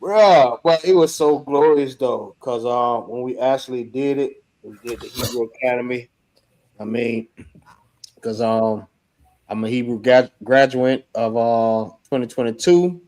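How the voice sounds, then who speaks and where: A young man telling a story in casual chat, slangy and animated, acting out the shouts he heard. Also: medium pitch, unhurried. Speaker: member recounting an event.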